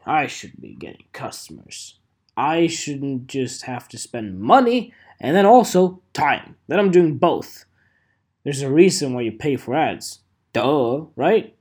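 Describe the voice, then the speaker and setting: A photographer vlogger rambles casually to his viewers on camera, dropping wry, self-mocking asides. His medium-pitched voice has a breathy edge.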